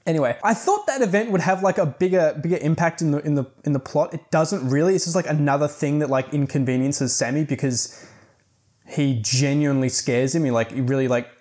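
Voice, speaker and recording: A man's voice: a little high, a little fast, a little mellow. A young man giving a casual, rambling book review full of restarts and filler words.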